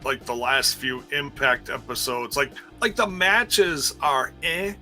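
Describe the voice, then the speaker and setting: Bright-voiced, easygoing male podcast co-host. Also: mid-range voice, slow pace, faint music behind. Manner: easygoing, recaps with many fillers. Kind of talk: casual chat reviewing wrestling shows.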